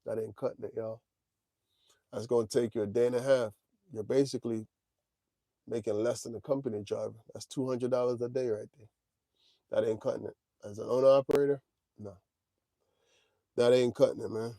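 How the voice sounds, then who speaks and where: A man's voice: mid-range voice, fairly even intonation, brisk, pauses often, mellow, dry recording. A man in his forties hosting a trucking livestream, talking casually and directly to his chat. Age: 40s. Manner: laid-back, talks straight to chat, drawls "man" and "y'all".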